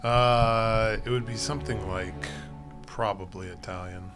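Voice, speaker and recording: A young man playing a tabletop game, relaxed and joking. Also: lowish voice, unhurried, over music. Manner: easygoing, joking. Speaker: player. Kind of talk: casual chat.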